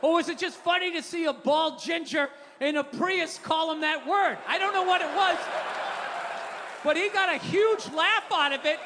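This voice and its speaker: A man's voice: extremely high pitch, moderate pace, long reverb tail, a crowd in the background, noisy background. A man doing a stand-up comedy set, telling profane stories in a brash, ranting way. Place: comedy stage before an audience.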